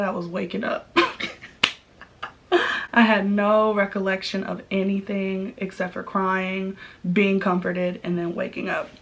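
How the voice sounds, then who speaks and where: A woman's voice: mid-range voice, a bit bright. A young woman telling a personal story in a casual vlog, chatty and candid, with many likes and ums. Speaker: vlogger.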